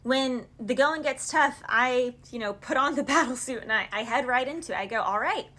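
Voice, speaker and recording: A woman's voice: high voice, moderate pace, fairly bright tone. A woman giving a casual tarot reading, talking in a chatty, rambling way and acting out little back-and-forth arguments. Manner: rambling, chatty, paraphrases song lyrics in dialogue. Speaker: tarot reader.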